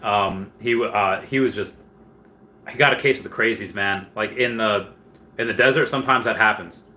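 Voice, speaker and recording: A man hosting a casual livestream who rambles on, reads viewer comments aloud and breaks into loud, excited bursts. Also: lowish voice, moderate pace, slight background noise. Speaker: livestream host.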